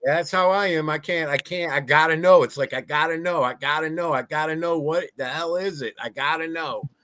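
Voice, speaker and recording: Podcast host guy, kinda high voice, excitable storyteller, dry sound. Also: brisk, no echo. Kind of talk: casual podcast chat.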